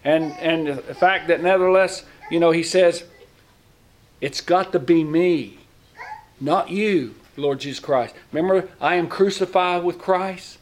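A male pastor preaching a sermon, swinging between loud bursts and quiet asides and often repeating words. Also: on the high side, unhurried.

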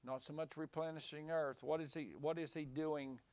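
A man's voice: a little high, fairly even intonation, normal speed, darkish tone, clean tone, dry recording. A man preaching to a small group in a room, rambling and repeating words, then rising to emphatic points. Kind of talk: small-group Bible teaching. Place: small room with a few listeners.

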